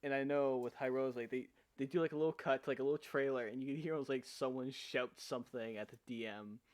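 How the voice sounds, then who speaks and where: A man who hosts a casual stream and runs tabletop games. He speaks at a middle pitch and drifts through his points, pausing and adding fillers as he goes. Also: steady tone. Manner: meandering, hesitant, heavy on fillers. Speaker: podcast host and game master. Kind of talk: casual chat.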